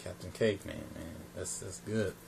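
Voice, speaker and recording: A man as guest in a casual chat, giving drawn-out laid-back reactions. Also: low voice, fairly even intonation, gravelly, low-quality recording. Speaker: guest co-host. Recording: loud background noise.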